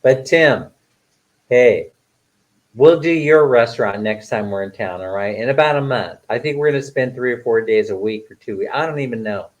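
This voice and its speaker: A man's voice: mid-range voice, normal speed, dull audio. A retired man in his sixties, chatting casually on a live stream, reading comments aloud and laughing often between fillers. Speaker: vlogger reading live chat.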